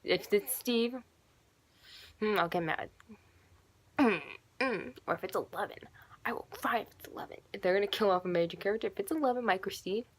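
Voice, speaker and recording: A woman's voice: mid-range voice, fairly quick, pauses often. A young woman in her teens rambling and gushing in a casual fan vlog, full of fillers and asides. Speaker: YouTuber.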